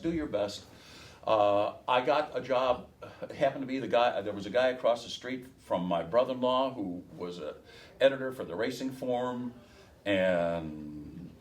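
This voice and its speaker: A middle-aged man from Chicago with a softened Midwest accent and a flat nasal tone, talking loosely to a workshop audience with many fillers and restarts. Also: on the low side. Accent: softened Midwest American. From Chicago, USA. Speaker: race caller giving a workshop. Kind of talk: casual talk to a workshop audience.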